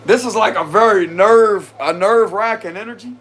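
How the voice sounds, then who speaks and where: High-voiced laughing man reading tarot. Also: normal speed, fairly bright tone. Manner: chatty, slangy, addresses viewers directly; keeps breaking into laughter. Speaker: tarot reader.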